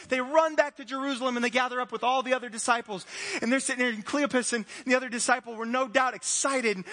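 High, bright-voiced male pastor preaching. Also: quick pace, big-room sound. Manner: animated storytelling with playful asides and voiced characters. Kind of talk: sermon.

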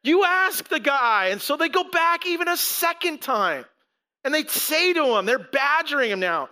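A male pastor with a strikingly high voice preaches in a loose, conversational way. His tone is bright and forceful as he tells the story with animation and slips into the voices of its people. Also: sing-song, normal speed. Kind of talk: conversational sermon.

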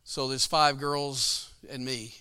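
Bright, clear-voiced man telling a sermon story. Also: medium pitch, steady tone, slow pace. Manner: folksy storytelling, laughing often. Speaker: pastor. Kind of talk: sermon testimony.

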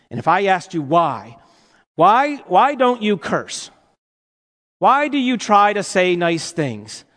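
High-voiced preacher in a reverberant hall. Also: male voice. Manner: animated, playful, rhetorical questions to the congregation. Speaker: pastor. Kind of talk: sermon.

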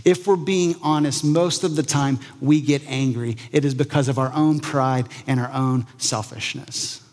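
A male pastor preaching a conversational sermon, lively and often acting out the voices he quotes. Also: mid-range voice, unhurried, long reverb tail.

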